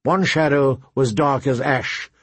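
A man narrating an audiobook in a measured, even storytelling manner. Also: medium pitch, slightly rough, dry recording. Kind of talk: scripted narration.

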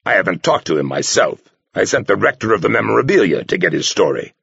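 Male reader as a blustering, mocking older abbot, gravelly and lively in an audiobook. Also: fairly low pitch, quick pace, dry recording, muffled recording, exaggerated voice. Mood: exasperated. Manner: roaring, growling, mocking.

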